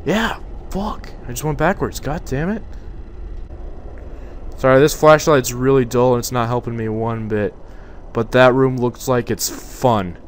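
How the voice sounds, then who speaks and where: A man's voice: medium pitch, unhurried, slight background noise. A young man giving jokey, swearing commentary while playing a horror game and talking back to its figures. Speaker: gaming YouTuber.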